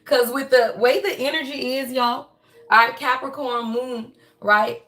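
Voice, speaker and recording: A woman with a somewhat high voice hosts a relaxed astrology livestream. She talks in a chatty, folksy way and keeps turning to her viewers with y'all. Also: unhurried. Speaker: astrology and tarot reading host. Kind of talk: casual livestream reading.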